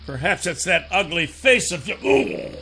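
A man's voice: a little high, expressive, gravelly, sharp tone, faint music behind, voice pushed up, full character voice. A man voicing a cocky, wisecracking male dragon in an audiobook. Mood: snide. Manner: quick, cheeky banter. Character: cocky, wisecracking male dragon, vain about his hair.

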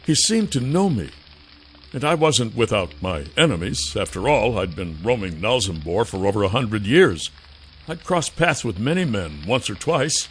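A man narrating a first-person fantasy audiobook in a measured way. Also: on the low side, fairly bright tone, slight background noise.

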